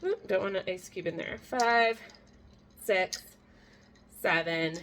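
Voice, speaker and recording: A woman in her thirties with a bright, clear voice talks casually to the camera while she cooks. She is chatty and self-deprecating, and she laughs at her own mistakes. A camera mic in a home kitchen picks her up over faint background noise. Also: mid-range voice, slow. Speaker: homestead cooking vlogger. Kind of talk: casual cook-along chat to camera.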